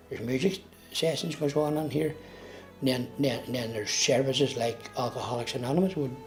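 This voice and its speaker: A man's voice: medium pitch, a little mellow. A man speaking as a community worker in an interview. He talks emphatically and pushes up on key phrases. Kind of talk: interview talk.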